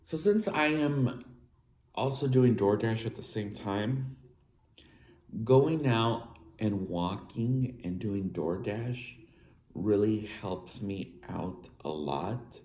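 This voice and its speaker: A man in his thirties with a slight lisp, talking in a halting way to his viewers, with restarts and filler words. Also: fairly low pitch, animated, a little mellow. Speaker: vlogger. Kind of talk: personal talk to viewers. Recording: echoey room with faint ambience.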